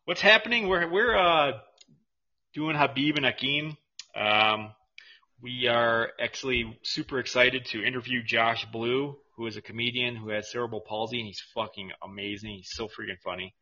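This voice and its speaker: An excitable male podcast co-host chatting casually, dropping swears and "dude" as he goes. His voice is bright and a little husky, sitting slightly high. The audio sounds a bit muffled. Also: moderate pace. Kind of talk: casual chat.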